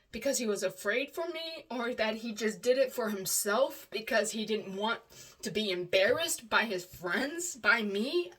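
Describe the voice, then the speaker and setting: A woman's voice: medium pitch, a bit bright, husky, far from the mic. A woman telling a personal story in a candid, emotional way, rambling and often restarting her sentences.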